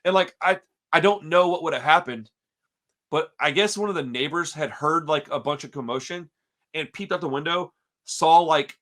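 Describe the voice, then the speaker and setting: A podcast host tells a story in casual, profane chat, animated and saying "dude" constantly to everyone. His voice is fairly high-pitched and at normal speed.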